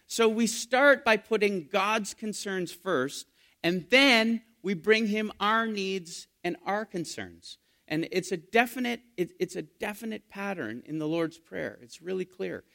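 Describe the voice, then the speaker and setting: A male pastor preaching a sermon, asking his listeners questions and moving between hushed and emphatic delivery. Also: sits high, big pitch swings, measured pace, creaky. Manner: dynamic preaching, asks the congregation questions, swings from hushed to loud.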